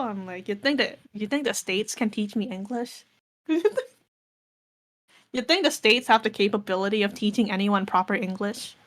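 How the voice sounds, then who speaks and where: A woman's voice: mid-range voice, moderate pace, fairly bright tone. A young woman in casual chat, blunt and sarcastic, swearing freely as she argues her point.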